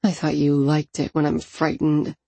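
A woman's voice: sits low, monotone, normal speed, creaky, dark tone, slightly rough, no room sound, exaggerated voice. A woman voicing a frightened captive young woman who pleads in a trembling voice.

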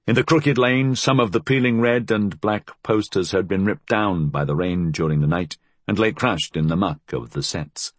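A male audiobook narrator with a very deep, husky voice. His inflection is lively and expressive as he tells the story. The recording is dry and close. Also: moderate pace, few pauses, no room sound.

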